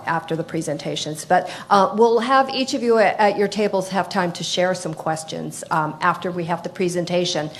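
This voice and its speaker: A woman in her sixties moderating a conference panel, speaking haltingly with many fillers. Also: fairly low pitch, a little hiss or hum.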